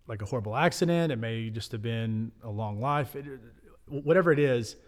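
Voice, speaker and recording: A man's voice: medium pitch, expressive, fairly quick. A man who works in ministry co-hosting a faith podcast, sharing reflections in a conversational way.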